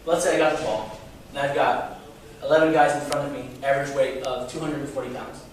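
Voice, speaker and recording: A man's voice: mid-range voice, fairly even intonation, fairly quick, a little hiss or hum. A young man giving an informal class to students, chatty and full of rhetorical questions, often stumbling and repeating himself. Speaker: student lecturer. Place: classroom with a live audience. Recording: echoey room, voice from far off.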